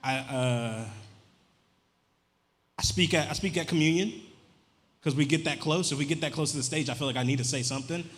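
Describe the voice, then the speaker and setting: Male stand-up comic, rambling deadpan delivery, live club room with long reverb. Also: on the high side, fairly quick, pauses often. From Louisiana. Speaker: stand-up comedian. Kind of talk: stand-up comedy set. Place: comedy club stage. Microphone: handheld stage mic.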